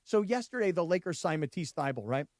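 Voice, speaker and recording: A man hosting a sports radio show, telling stories in a chatty, animated way in a studio. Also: a little high, quick pace, dry recording. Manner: chatty storyteller, animated retelling. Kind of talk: casual sports radio banter.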